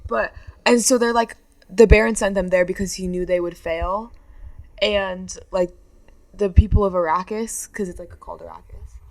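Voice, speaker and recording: A woman's voice: medium pitch, fairly even intonation, normal speed, a little mellow, rough recording. A teenage girl co-hosting a casual podcast, rambling with lots of "like" as filler. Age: teens. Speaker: podcast co-host.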